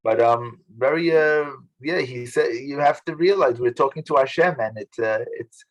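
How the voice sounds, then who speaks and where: A man leading a study group over a video call, talking in a casual, halting way with many restarts. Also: medium pitch, poor audio. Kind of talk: casual teaching talk.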